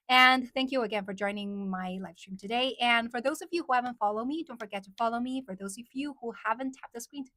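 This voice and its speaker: Woman, Chinese accent, live-stream host, casual chat, fairly high pitch, dry close sound, laughs often. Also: fast talker, few pauses, pushed and bright, no echo. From China. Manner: chatty, laughs often, repeats and restarts words.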